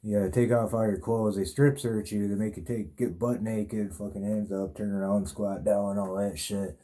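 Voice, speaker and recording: Podcast host, man, rambling profane storyteller, very dark, mellow tone, lowish voice. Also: fairly even intonation, moderate pace. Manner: rambling, heavy swearing. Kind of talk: casual storytelling.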